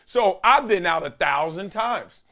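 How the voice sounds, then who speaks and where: A man hosting a sports commentary show, talking in an animated, emphatic, slangy way and stretching words for stress. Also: high voice, a little slow, creaky. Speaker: host.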